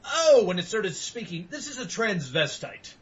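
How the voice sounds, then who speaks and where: A man's voice: sits high, very animated, moderate pace, dull audio. A young man hosting a podcast, telling rambling, profane stories in casual chat with bursts of laughter. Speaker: podcast host.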